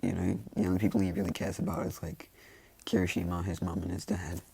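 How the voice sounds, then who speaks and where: Deep, gravelly man rambling casually. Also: level tone, fast talker, a little mellow, slight background noise. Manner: rambling, full of fillers like "you know" and "like", self-correcting. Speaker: storyteller. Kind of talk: casual improvised fan-story telling.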